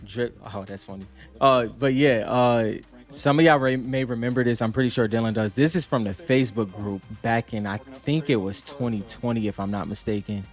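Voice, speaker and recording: A man's voice: medium pitch, normal speed, soft background music. A man co-hosting a casual card chat, easygoing and slangy, talking straight to viewers. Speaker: co-host.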